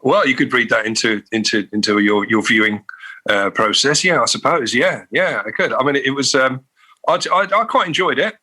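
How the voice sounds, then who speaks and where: A man's voice: mid-range voice, expressive, bright, forceful tone. Chatty man co-hosting a podcast. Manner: chatty, laughs often, quick restarts. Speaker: podcast co-host. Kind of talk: casual chat.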